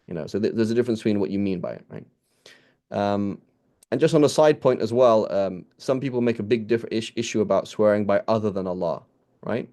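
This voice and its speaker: This teacher's voice is fairly low and dark, and he speaks briskly. He leads a casual lesson on scripture, restarting often, checking with his audience, and quoting phrases in Arabic.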